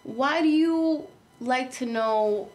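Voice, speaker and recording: A woman's voice: sits high, slow, soft background music. A woman chatting casually in an interview, effusive and full of compliments. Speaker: guest interviewer.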